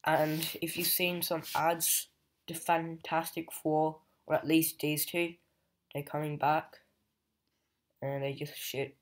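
Male comic reviewer, unhurried and level, loose rambling recap full of fillers. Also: on the high side, level tone. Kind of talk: casual plot recap.

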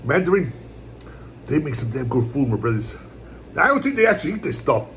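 A man in a casual home eating vlog, rambling along in a relaxed, repetitive way as he talks to his viewers. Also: medium pitch, a little fast, slight background noise. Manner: laid-back, rambling, repeats "my brothers" and "puppy". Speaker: mukbang vlogger. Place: at home, indoors.

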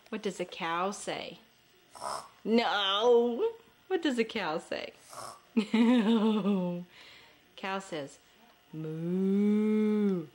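A woman at home talking slowly and playfully to a toddler while filming with a handheld camera, coaxing and sing-song. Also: mid-range voice.

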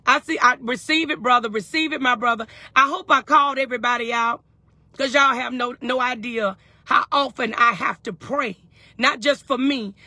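A woman's voice: high voice, bright, forceful tone, no echo. Fervent woman on a live stream. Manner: fervent, call-and-response, reads comments aloud. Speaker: faith and wellness livestream host. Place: in her parked truck. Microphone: phone live stream.

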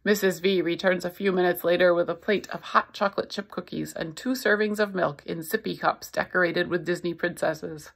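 A woman's voice: fairly low pitch, fairly quick, vocal fry, few pauses. A woman reading a novel aloud, expressively voicing the narrator. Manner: expressive storytelling. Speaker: reader.

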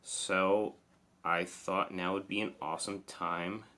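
A man's voice: low voice, level tone, takes it slowly, bright, forceful tone. A man with a New Jersey accent casually reviewing toy figures, chatty and enthusiastic. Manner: enthusiastic, chatty, lots of "awesome".

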